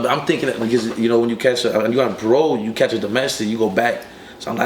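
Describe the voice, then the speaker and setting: A man's voice: mid-range voice, steady tone. A young man in his early twenties, an interview guest who tells his story in casual street slang, cursing often and filling it with "you know what I'm saying.". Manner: streetwise, profane, rapid storytelling with many fillers. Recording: echoey room with faint ambient noise.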